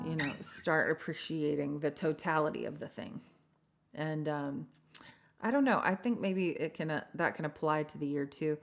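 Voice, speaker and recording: Woman songwriter hosting her own stream, lowish voice, greets fans by name, self-deprecating. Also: creaky. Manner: rambling and chatty, greets viewers by name; self-deprecating, laughs at herself. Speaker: singer-songwriter hosting a livestream. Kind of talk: casual livestream chat with viewers.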